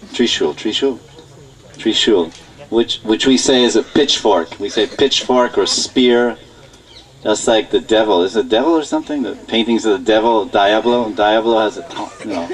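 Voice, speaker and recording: A man preaching at a temple, telling a story in an animated way and laughing often. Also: on the low side, far from the mic, poor audio. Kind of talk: storytelling lecture. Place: temple hall.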